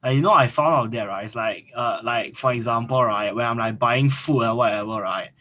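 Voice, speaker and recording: A man's voice: mid-range voice, brisk, bright, forceful tone. A young man, talking hesitantly with many fillers in a casual chat. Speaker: student. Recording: dull lo-fi sound.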